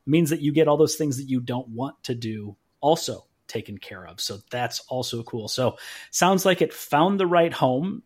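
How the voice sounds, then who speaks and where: Male podcast host, casual interview, encouraging and reflective, middle pitch. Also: expressive, moderate pace, slightly rough.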